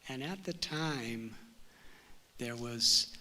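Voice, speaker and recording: A man giving a spiritual talk, telling a story in a slow, measured way. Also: mid-range voice, bright, forceful tone. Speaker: spiritual teacher.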